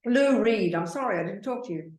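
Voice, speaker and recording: A woman's voice: mid-range voice, expressive, brisk, darkish tone. A woman Buddhist teacher giving a dharma talk and answering questions, blunt and repetitive, calling listeners darling and sweetheart. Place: meditation center hall. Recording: echoey teaching hall.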